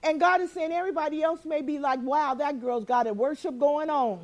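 Woman preacher, high bright pitch, lively, acts out the people she quotes. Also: brisk. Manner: animated, acts out quoted voices, laughs often. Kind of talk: sermon.

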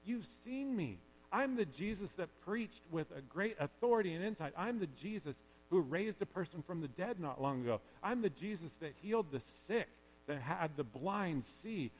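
A man voicing Jesus as a calm, earnest, reassuring adult man within his sermon. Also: high voice, normal speed, a little hiss or hum, voice pushed up. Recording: long reverb of a large hall.

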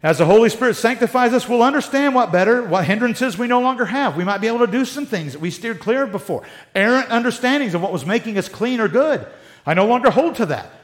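A man's voice: very high voice, animated, fast talker. An American man preaching a sermon in a conversational way, with sarcastic asides. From United States. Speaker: pastor.

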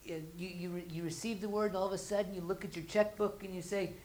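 A woman's voice: mid-range voice, fairly even intonation, fast, darkish tone, rough recording. A woman preaching a conversational sermon. She restarts and repeats words, and she acts out the everyday voices of her listeners.

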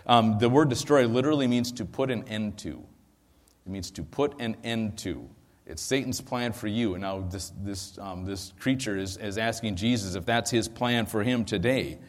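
A man preaches at middle pitch, talking through his points in a relaxed, conversational sermon style with frequent ums and restarts. He speaks into a microphone. His voice trails off into a long reverb from a large hall. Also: moderate pace. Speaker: pastor. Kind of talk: sermon teaching.

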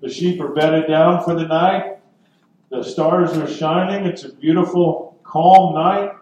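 A man preaching a sermon as pastor, earnest and deliberate, with dramatic pauses. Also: a little high, steady tone, a little mellow. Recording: echoey room from far off.

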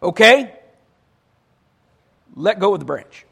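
A man voicing God as a calm, patient voice speaking plainly and giving instructions. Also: high-pitched, takes it slowly, gravelly, slightly rough, full character voice.

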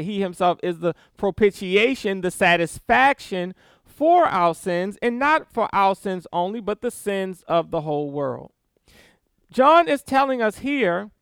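Male preacher, high and lively, slow and deliberate, dry close sound. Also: clear, resonant tone, dry recording. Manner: animated, reads scripture aloud with emphatic stresses and small laughs. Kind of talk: sermon.

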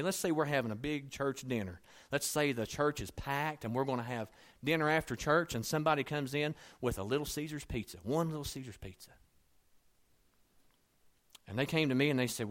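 A man's voice: mid-range voice, lively intonation, moderate pace. Man preaching a conversational sermon. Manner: conversational storytelling preaching, swings between soft asides and emphatic lines. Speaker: pastor.

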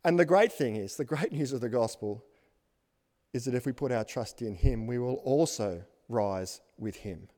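A man's voice: mid-range voice, lively intonation, normal speed, mellow, in a large hall. A man preaching a sermon as pastor, building emphatic lists and asking the congregation questions.

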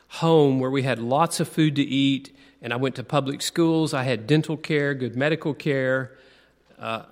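A man giving a conversational sermon, asking the audience questions and slowing down to lean on key words. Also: mid-range voice, a bit bright. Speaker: preacher. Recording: long reverb of a large hall.

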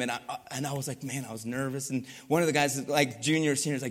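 A man preaching, telling a lively story and acting out the voices, then going quiet to drive the point home. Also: mid-range voice, fast talker, hardly any pauses, long reverb tail. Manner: animated, acts out voices, drops to quiet for the point. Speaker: pastor. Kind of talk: sermon storytelling.

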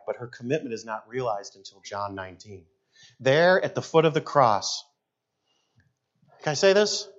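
A middle-aged man, a pastor preaching a sermon in an animated, jokey way. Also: medium pitch, muffled recording. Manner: animated, jokey, shouts in acted quotes.

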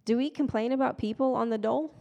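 A woman's voice: a little high, fast, creaky, warm tone. A woman giving a casual, conversational sermon with playful, self-deprecating asides. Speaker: preacher. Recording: long hall reverb.

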